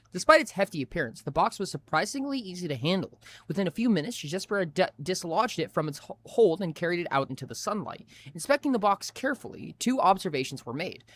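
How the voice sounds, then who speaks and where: A man's voice: a little high, a bit bright. A man streaming live, reading a story aloud expressively with frequent restarts.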